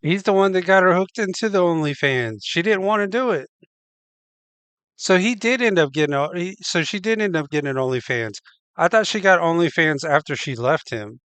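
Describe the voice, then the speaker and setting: A man's voice: high-pitched, animated, normal speed, a bit bright, clear, resonant tone, no echo. A man hosting a reaction show, cutting in with blunt, crude comments.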